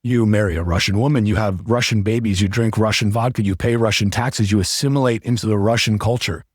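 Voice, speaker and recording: Husky-voiced man hosting a casual podcast. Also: fairly low pitch, quick pace, no echo, clean studio sound. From United States. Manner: rambling, animated storytelling with many restarts. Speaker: podcast host. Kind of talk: casual conversation.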